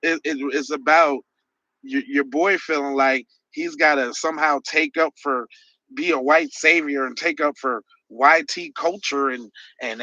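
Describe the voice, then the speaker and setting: A man's voice: a little high, steady tone, unhurried, sharp tone, dry recording, lo-fi sound. A man hosting a podcast livestream, answering chat messages with sarcastic, mocking rants. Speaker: podcast host reading live chat. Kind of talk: heated livestream commentary.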